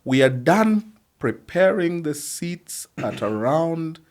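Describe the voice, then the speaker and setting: A middle-aged man with a Kenyan accent, telling a long story as a podcast guest in an animated, conversational way and slipping in Swahili phrases. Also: a little high, takes it slowly. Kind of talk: storytelling in casual chat.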